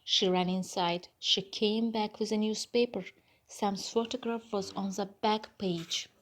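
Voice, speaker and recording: A woman narrating a graded reader audiobook in a clear, deliberate manner. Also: medium pitch, fairly even intonation. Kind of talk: slow scripted narration for learners.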